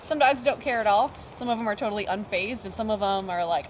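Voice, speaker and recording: A woman's voice: mid-range voice, fast, slight background noise, low-quality recording. A woman dog trainer casually explaining her method outdoors, chatting as she works. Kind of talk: casual instructional talk. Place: outdoors, quiet snowy open area.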